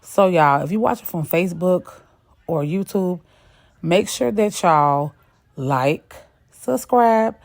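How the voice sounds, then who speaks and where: A woman's voice: on the low side, animated, slow. A woman hosting a cooking video, talking casually over the footage, chatty and sassy, calling her viewers y'all.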